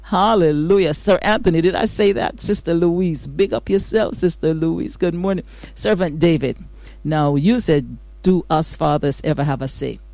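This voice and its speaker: A woman hosts a morning devotional radio show, greeting listeners and preaching with exuberant praise and amens while out of breath. Her voice is deep and mellow at normal speed, recorded with no echo.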